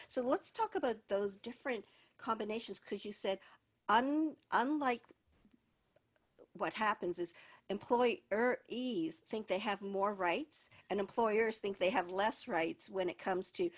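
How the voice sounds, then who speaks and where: A woman's voice: medium pitch, a little slow. A woman hosting a business webinar as an HR consultant, talking in a conversational way with many restarts. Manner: conversational, with frequent restarts and repeated words.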